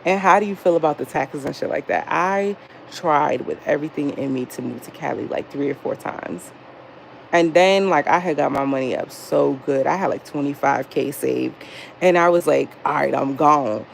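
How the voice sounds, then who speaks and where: A young woman chatting casually on a livestream, profane and animated as she reads chat aloud. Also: sits low, normal speed, vocal fry, slight background noise, rough recording. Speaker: livestream host.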